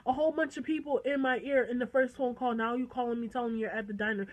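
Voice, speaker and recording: A teenage girl with a slightly high voice tells a story to the camera in an animated, chatty way. She slips into quoted dialogue and swears freely. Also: quick pace, hardly any pauses, low-quality recording. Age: teens. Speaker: vlogger. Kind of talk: casual storytime.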